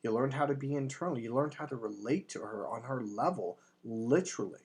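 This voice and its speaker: A man's voice: mid-range voice, lively intonation, fairly quick, a little mellow, slightly rough. A man talking as a dating coach, delivering an emphatic, blunt sales monologue with casual swearing. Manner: acts out quoted voices in anecdotes.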